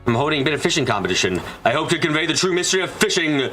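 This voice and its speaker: Self-proclaimed fishing master, man reading the part, bright tone, grand and inviting. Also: fairly high pitch, very animated, rapid-fire, soft background music. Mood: grandiose. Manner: grand, inviting recital of game dialogue. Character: boastful adult male master fisherman.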